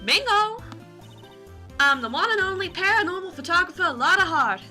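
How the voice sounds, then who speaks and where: Woman doing a loud brash gal photographer, put-on southern drawl, folksy and bright, pitch jumping all over. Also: animated, moderate pace, soft background music, full character voice. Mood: boisterous. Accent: put-on American Southern.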